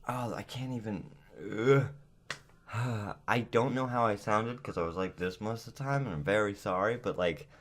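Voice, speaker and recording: A man with a voice on the low side and a fairly bright tone speaks at a normal speed. He's a gaming vlogger in his home recording setup, giving casual reaction commentary in a jittery, nervous chatter and talking to himself.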